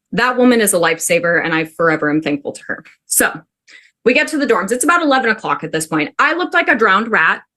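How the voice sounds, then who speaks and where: A woman from the Pacific Northwest telling a personal story to a class in an animated, chatty way, full of "like". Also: mid-range voice, fast talker. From Pacific Northwest, USA. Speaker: student storyteller.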